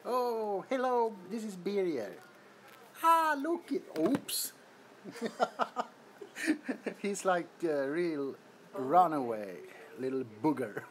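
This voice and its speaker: A man's voice: high voice, lively intonation, very slow. A man with a Swedish accent hosting a casual livestream from an apartment, laughing often as he shows off kittens. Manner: giggly, amused, introducing kittens. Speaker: livestream host. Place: indoors, apartment.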